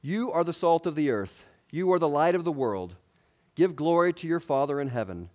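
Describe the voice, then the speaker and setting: A man's voice: fairly high pitch, animated, moderate pace, darkish tone. Conversational male preacher giving a sermon. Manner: conversational, asks the congregation questions, light humor.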